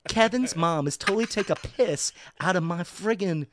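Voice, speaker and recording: A man's voice: high-pitched, normal speed, a little hiss or hum. A man telling an anecdote in casual podcast chat, talking with lots of fillers and acting out other people's voices. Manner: animated storyteller, lots of fillers, acts out voices. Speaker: actor telling a story.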